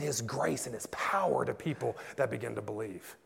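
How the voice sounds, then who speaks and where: A man, a pastor, preaching a passionate sermon and telling stories that build to loud peaks. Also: mid-range voice, normal speed, gravelly, hardly any pauses, husky. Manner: passionate storytelling, rising to shouts in climaxes. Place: church. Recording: echoey church hall.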